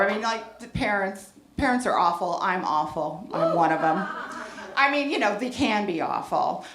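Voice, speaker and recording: Brash, high-voiced woman comic. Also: a bit bright, a little hiss or hum. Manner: brash, profane, self-deprecating. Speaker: stand-up comedian. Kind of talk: stand-up comedy set. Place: comedy club stage. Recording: roomy club with audience laughter. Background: audience laughter.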